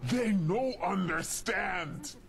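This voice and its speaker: A man's voice: high voice, very slow, vocal fry, exaggerated voice. An actor playing a huge, angry male super mutant who speaks in broken sentences and refers to himself in the third person. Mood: furious, desperate. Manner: broken speech, referring to self in third person, shouting bursts. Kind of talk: video game dialogue.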